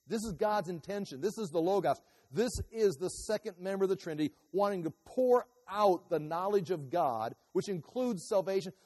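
A man preaching a sermon as a pastor, animated, swinging between loud outbursts and quiet asides. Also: high-pitched, big-room sound.

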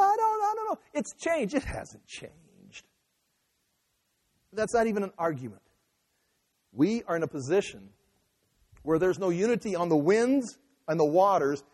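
A man's voice: high-pitched, a little mellow. A man preaching an impassioned, emphatic sermon, mimicking the voices of people he argues against. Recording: echoey hall.

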